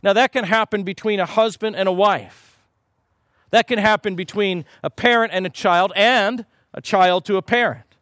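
A middle-aged man preaching a sermon in a conversational way, with rhetorical questions and quick asides to his congregation. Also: sits high, a bit bright, no echo, clean studio sound.

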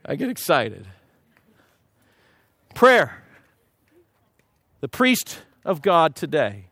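Middle-aged male pastor, animated storyteller, high lively voice. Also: husky, no room sound. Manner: animated storytelling, dropping to a hushed voice for prayer. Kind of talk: sermon.

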